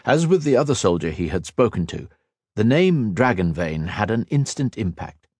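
A man narrating a fantasy audiobook in a measured, expressive way. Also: on the low side, no echo, studio quality.

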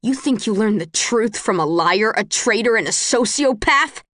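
A woman reading the lines of an angry, betrayed young man in an audiobook, slow and heavy. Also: a little high, expressive, fairly bright tone, no room sound, studio quality. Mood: scornful.

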